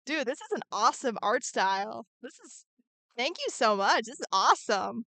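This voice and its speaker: An art streamer chats bubbly and casually on her live stream while drawing, replying to her chat and muttering to herself as she works. Her voice is on the high side, expressive, pushed and bright, at a moderate pace. The recording is dry.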